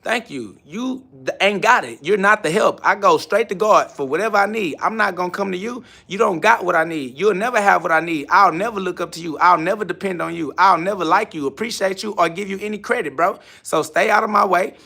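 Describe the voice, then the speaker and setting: A man rants on a live stream from his home garage gym, boastful and confrontational as he answers viewers' comments. His voice sits high for a man, with a gravelly crackle and a bright, forceful edge. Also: fairly quick, few pauses. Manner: brash, boastful, repetitive. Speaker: livestream host.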